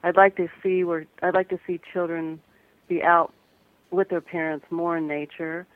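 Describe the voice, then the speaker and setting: Woman, from the American Midwest, radio guest, earnest, gentle, tinny phone line, dry sound. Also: on the low side, little pitch movement, normal speed, no room sound. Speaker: guest photographer and author.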